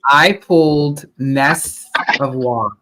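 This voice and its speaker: A man co-hosting a casual chat, calm and brief, reading aloud in a measured way. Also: mid-range voice. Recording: noisy background hiss.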